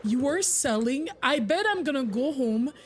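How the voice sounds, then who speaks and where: A woman's voice: sits high, lively intonation, normal speed, slight background noise. A young woman streaming a game with casual, giggly commentary, full of incredulous and teasing remarks.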